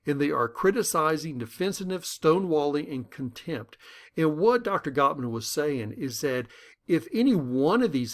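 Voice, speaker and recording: Man with a lively, rising lecture voice. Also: a little high. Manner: animated storytelling that acts out dialogue. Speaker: lecturer on conflict management. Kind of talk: lecture with personal anecdotes.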